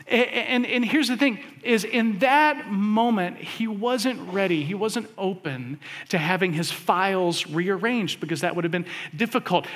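A man preaching a sermon, speaking to his congregation conversationally, with lots of fillers and animated asides. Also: high voice, long reverb tail. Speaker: pastor.

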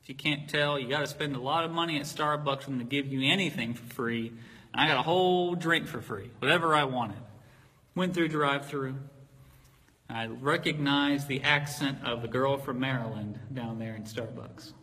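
Bright, husky man preaching in a hall. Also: mid-range voice, normal speed. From Virginia. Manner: conversational, jokey storytelling. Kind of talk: sermon with personal stories.

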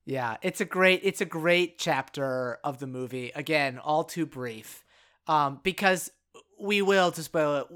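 A man's voice: on the high side, unhurried. Easygoing man chatting about a film. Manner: agreeable, frequent backchannel "yeah", relaxed storytelling. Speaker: podcast co-host. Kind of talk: casual film discussion.

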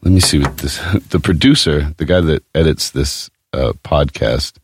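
A man hosts a casual podcast, relaxed and liberal with curse words. His voice sits very low and sounds dry, close to the mic. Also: moderate pace, breathy edge, no echo. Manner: laid-back, profane. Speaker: podcast host. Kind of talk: casual chat.

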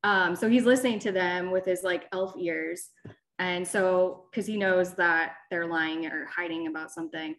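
A woman co-hosting a podcast, telling stories in an animated, exasperated way. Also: lowish voice, moderate pace. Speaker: podcast co-host. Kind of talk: casual chat.

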